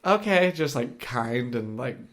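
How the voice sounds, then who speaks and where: Guy cohosting a podcast, crude rambly storyteller, laughs a lot, normal middle pitch. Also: brisk, fairly bright tone. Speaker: podcast co-host. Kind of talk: casual storytelling chat. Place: shared room with co-host.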